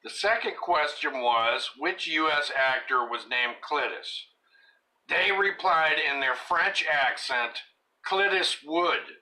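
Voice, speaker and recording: A man hosting a casual live-stream chat, joking crudely and laughing loudly. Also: a little high, lively intonation, slow pace. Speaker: live show host.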